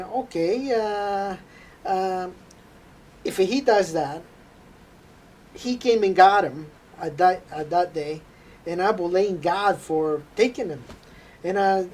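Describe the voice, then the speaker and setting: A man telling an earnest, halting faith testimony. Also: high voice, a little mellow, slight background noise. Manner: halting, earnest storytelling with frequent hesitations. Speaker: interview guest.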